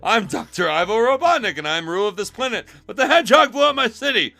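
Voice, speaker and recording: A man voicing a loud, bossy male villain doctor who shouts at his robots. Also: high voice, expressive, quick pace, creaky, faint music behind, full character voice. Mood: boastful. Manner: shouting, bossy, mock-angry.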